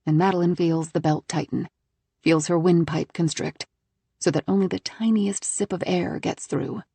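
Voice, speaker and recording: A woman narrating a thriller audiobook in a tense, measured reading on a close studio mic. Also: on the low side, steady tone, gravelly, warm tone, husky, dry recording.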